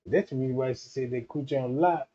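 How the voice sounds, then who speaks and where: Man, livestream host, crude comic rant, animated, lo-fi audio. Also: medium pitch, fast. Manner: loud, animated, profane, often laughing.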